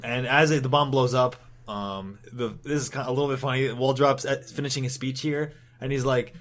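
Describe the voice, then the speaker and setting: A man's voice: medium pitch, fairly even intonation, a little fast, a bit bright. Man recapping a comic, loose and rambling. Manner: rambling, laughing, swears casually. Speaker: podcast co-host. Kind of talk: casual comic book recap.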